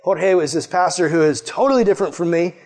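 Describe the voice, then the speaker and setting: High-voiced, enthusiastic young-people's preacher man. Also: quick pace, darkish tone. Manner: enthusiastic, chatty, peppers speech with "like" and "man". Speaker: youth pastor. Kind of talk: casual sermon to young people.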